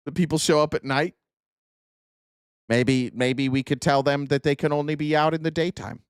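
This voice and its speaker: A man's voice: on the high side, steady tone, moderate pace, smooth, dry recording, studio quality. A man hosting a podcast, giving sarcastic, mocking political commentary on video clips. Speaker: podcast host.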